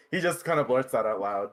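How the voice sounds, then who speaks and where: A man narrates what his tabletop character does, then slips into the character's lines. His pitch swings widely as he talks. He laughs often and keeps the delivery animated. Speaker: player. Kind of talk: playing a character in a tabletop game.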